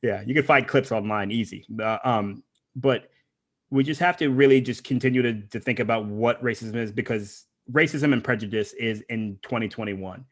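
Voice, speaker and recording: A man speaking as a podcast guest in a casual interview, emphatic and running his points together in long strings. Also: mid-range voice. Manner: fast, emphatic, talks in run-on strings of points.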